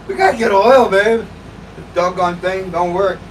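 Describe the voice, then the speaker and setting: A man's voice: sits high, slow, a little hiss or hum, poor audio. A man hosting a casual livestream, chatting with viewers, joking and laughing often. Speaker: livestream host.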